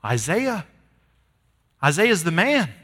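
High, bright-voiced preaching man. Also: very animated, takes it slowly, breathy edge. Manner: emphatic preaching, swinging from loud to hushed. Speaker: pastor. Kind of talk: sermon. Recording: long hall reverb.

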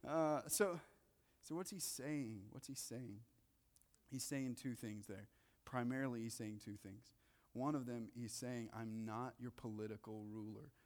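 A male pastor preaching a sermon in a casual, joking way, swinging between loud excitement and hushed asides. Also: mid-range voice, unhurried. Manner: conversational, joking. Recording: long reverb of a large hall.

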